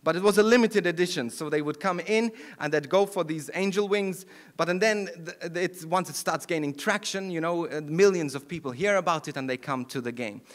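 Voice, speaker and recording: Middle-aged priest from malta giving a talk, earnest, kinda high voice, restarts a lot. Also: male voice, a little fast. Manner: earnest, with frequent restarts and warm laughs. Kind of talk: public talk with audience questions. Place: event hall.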